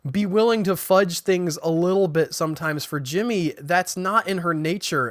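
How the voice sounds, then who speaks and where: A man's voice: high-pitched, a bit bright, no echo. Chatty man recapping a show, dry close sound. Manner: chatty, restarts sentences, paraphrases characters' dialogue. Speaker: podcast host recapping a TV episode. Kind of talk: casual spoken recap.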